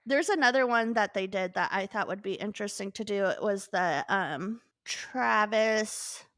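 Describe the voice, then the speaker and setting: A woman co-hosting a podcast, chatting and reacting in an animated way. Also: medium pitch, moderate pace, no echo, studio quality. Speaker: podcast co-host. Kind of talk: casual chat.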